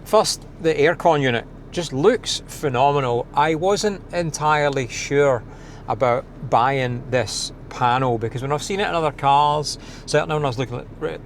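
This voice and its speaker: A man's voice: mid-range voice, a little hiss or hum. Chatty Scottish man doing a car install. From Scotland. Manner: chatty, self-deprecating, thinking aloud while working. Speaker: car DIY video host. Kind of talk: casual install walkthrough. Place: inside a parked car.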